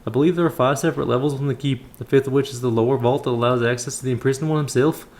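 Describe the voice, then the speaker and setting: A man voicing a calm, fatherly older monk elder who calls the listener child, reading in his everyday voice. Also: medium pitch, very fast, natural voice. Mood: instructive.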